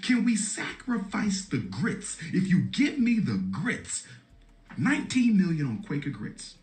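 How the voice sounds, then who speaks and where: A man's voice: high-pitched, huge pitch swings, unhurried, a little mellow, roomy sound. A man giving an impassioned public speech, pleading and repeating his appeal over and over. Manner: repetitive, pleading exhortation. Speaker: speaker in a played clip.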